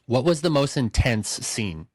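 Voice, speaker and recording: A man hosting a casual movie podcast, telling stories in an excitable, animated way. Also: mid-range voice, unhurried, no echo, studio quality. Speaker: podcast host.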